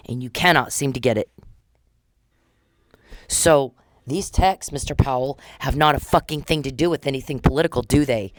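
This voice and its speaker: A woman's voice: low voice, no echo, clean studio sound. Blunt, profane woman ranting. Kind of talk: angry monologue addressed to an official.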